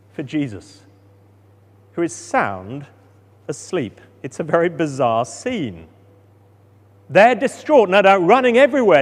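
Preacher with an animated sermon voice. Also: male voice, sits high, long reverb tail. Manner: expressive, rising for drama and dropping soft for calm.

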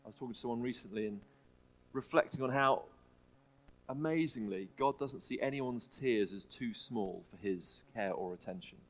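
A man preaching a sermon in a church, earnest and halting, often restarting his phrases. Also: medium pitch, low-quality recording. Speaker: pastor.

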